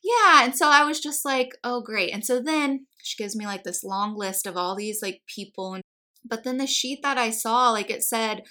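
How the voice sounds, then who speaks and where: A woman's voice: a little high, moderate pace, sharp tone. A young American woman chatting casually, telling a long personal story and acting out the dialogue, with a lot of "like"s. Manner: chatty storytelling, acts out quoted dialogue, many "like"s. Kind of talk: casual chat.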